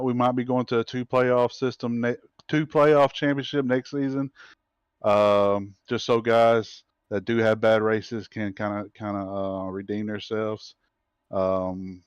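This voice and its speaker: A man who runs the racing league and drives in it, giving a halting post-race interview and often repeating his words. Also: lowish voice, clean tone, no room sound, muffled recording.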